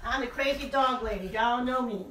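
Selling jewelry during a live stream, a woman chats playfully in a sing-song, rambling way. Her voice sits on the high side with a fairly bright tone at a normal pace, and there's a little hiss or hum on the recording.

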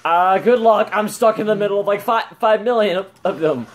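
A young man with a high voice keeps up easy gaming commentary with friends. He banters playfully and breaks into laughs, talking loosely while he plays. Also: brisk. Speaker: channel host and gamer.

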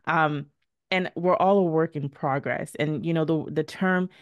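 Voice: mid-range voice, steady tone, a little slow, no echo, dull audio. Reflective podcast host, dry sound. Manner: reflective, affirming. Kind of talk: casual interview talk.

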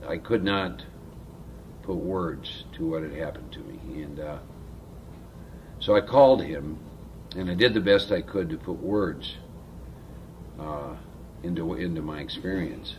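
Deep-voiced man giving halting testimony. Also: background noise. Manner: earnest, halting with frequent fillers. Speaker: recovery workshop speaker. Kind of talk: personal testimony to a group.

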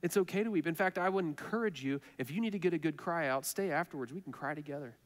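Guy pastor preaching, kinda high voice, earnest and chatty, big echoey church hall. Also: fast talker. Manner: earnest, conversational preaching with repeated phrases. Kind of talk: sermon. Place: church sanctuary.

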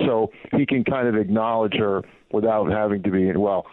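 A man's voice: on the low side, steady tone, normal speed, crowd noise. A man, a former baseball team PR manager, telling anecdotes as a guest in a phone interview, rambling and full of "you know" fillers. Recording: tinny dry phone line.

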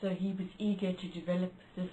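A woman's voice: fairly low pitch, level tone, fast talker, warm tone, a little hiss or hum, poor audio. A woman interviewing an older man, asking questions and prompting him with brief affirmations. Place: library room.

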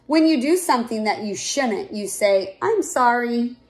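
A woman's voice: fairly high pitch, expressive, unhurried. A woman voicing a patient mother bear who kindly teaches her cub manners in a storybook. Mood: teaching. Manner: kindly, instructive.

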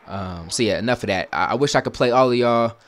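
A young man giving casual video game commentary, talking easily to his viewers and breaking into loud, frustrated shouts at the game. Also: mid-range voice, fast. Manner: chatty, bursts into loud frustrated yelling at the game. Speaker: gaming YouTuber.

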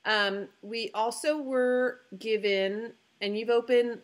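A woman's voice: a little high, fairly even intonation, takes it slowly. A woman co-hosting a knitting podcast, chatting casually and announcing giveaway winners in an upbeat way. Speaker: podcast co-host.

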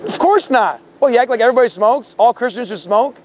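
A male street preacher with a strikingly high-pitched voice, preaching outdoors on a campus. He talks fervently and confrontationally, stacking scripture quotes and stumbling into repeated words as he presses his point. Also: expressive, quick pace. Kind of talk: confrontational open-air preaching.

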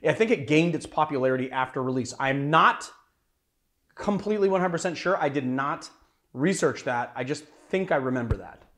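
A man's voice: on the high side, animated, brisk, a bit bright. Chatty man hosting a cocktail show. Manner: rambling, chatty, hedging. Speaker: bartender host. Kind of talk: casual cocktail show chat.

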